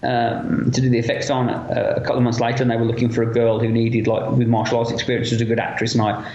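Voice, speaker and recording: A man being interviewed as a guest, telling lively anecdotes with lots of fillers and quoted voices. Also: mid-range voice, fast talker, echoey room, muffled recording, slight background noise. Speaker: interview guest, effects makeup artist. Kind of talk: casual storytelling interview.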